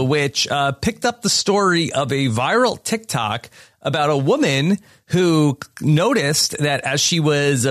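A man hosting a casual chat show, halting and full of pauses. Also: a little high, fairly bright tone, dry recording, studio quality. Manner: halting, lots of filler pauses. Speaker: podcast host.

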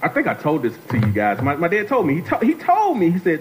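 A man's voice: a little high, wildly swooping pitch, fast talker, hardly any pauses, soft background music, rough recording. A man preaching a sermon as a guest speaker, talking to the congregation, repeating phrases and calling on them to answer.

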